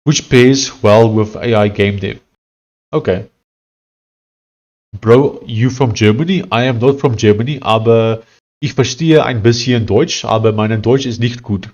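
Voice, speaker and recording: A young man live-streaming his coding work, thinking aloud and reading out chat in a loose, halting way with many fillers. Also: mid-range voice, darkish tone, lo-fi sound. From South Africa. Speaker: live-streaming software developer.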